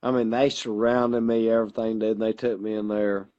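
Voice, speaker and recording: A man's voice: on the low side, level tone, normal speed, dark tone. A drunk man co-hosting a podcast, rambling through a profane story in casual talk. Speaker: podcast co-host. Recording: dull lo-fi recording.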